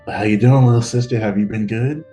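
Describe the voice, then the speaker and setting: A man's voice: lowish voice, fast talker, warm tone, faint music behind, lightly acted. A man voicing a cheerful young male adventurer who dotes on his little sister, in an easygoing, affectionate way. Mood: fond.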